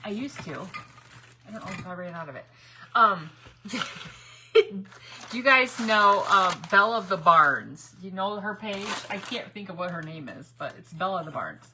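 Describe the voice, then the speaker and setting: A woman's voice: mid-range voice, expressive, normal speed, sharp tone, a little hiss or hum. A middle-aged woman hosting a live crafting stream, chatting bubbly with viewers, rambling and laughing often. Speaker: craft livestream host.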